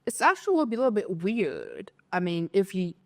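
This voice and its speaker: A woman with a Chinese accent co-hosts a casual podcast, telling her story with animated energy. Her voice sits at an ordinary middle pitch. She slips into her classmates' voices as she goes. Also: a little fast. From China. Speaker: podcast co-host. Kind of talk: casual chat.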